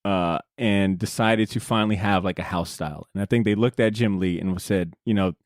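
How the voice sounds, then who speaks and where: A man's voice: deep voice, a little fast, dry recording, studio quality. A young man hosting a comic book podcast, talking casually with profanity, many fillers and frequent laughter. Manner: rambling, profane, laughs often. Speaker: podcast host. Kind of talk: casual chat. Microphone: studio podcast mic.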